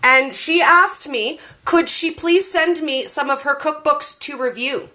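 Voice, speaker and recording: Bright, high-voiced excitable woman. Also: measured pace. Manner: excitable, animated storyteller. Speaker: guest cookbook reviewer and keto creator. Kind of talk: casual chat.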